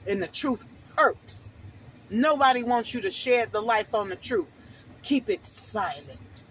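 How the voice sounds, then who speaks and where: A middle-aged woman pours out her personal testimony with emphatic, preachy conviction. Her voice sits high for a speaker of her sex, with faint noise in the background. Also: rough recording. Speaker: vlogger.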